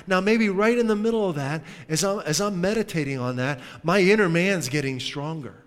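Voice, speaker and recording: Conversational preacher in a reverberant hall. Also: male voice, sits high, moderate pace, few pauses. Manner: animated and conversational, often dropping to a hush. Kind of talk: sermon.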